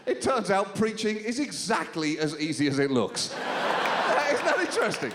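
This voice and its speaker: A man hosting a stand-up comedy show, telling a story in an animated, theatrical way on a club stage. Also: sits high, moderate pace, a loud crowd, heavy background noise. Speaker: host. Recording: live club with loud audience. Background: audience laughing.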